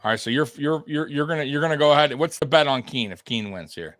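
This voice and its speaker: A man's voice: fairly high pitch, lively intonation, fast talker, a bit bright, no echo. A man co-hosting a podcast, giving casual live fight commentary in a chatty, rambling way, often repeating himself and laughing. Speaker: podcast co-host.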